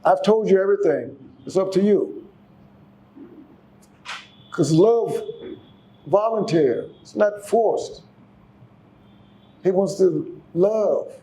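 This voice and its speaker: A man's voice: high-pitched, takes it slowly, pauses often, dark tone. A man giving a casual sermon, exhorting the congregation, often repeating and restarting his words. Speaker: speaker giving a class.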